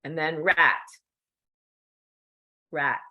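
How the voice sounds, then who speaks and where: A woman's voice: sits low, steady tone, highs cut off. A middle-aged woman teaching cued speech, speaking patiently and checking in with the learner often. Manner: slow, patient, checks in with "okay?". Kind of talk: instructional demonstration.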